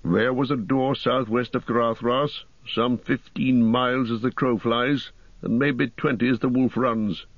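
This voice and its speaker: A man reading the part of a wise old wizard in an audiobook, with a measured, solemn delivery. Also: medium pitch, fairly even intonation, dry recording, dull audio. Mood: grim. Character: wise old male wizard, grave and commanding.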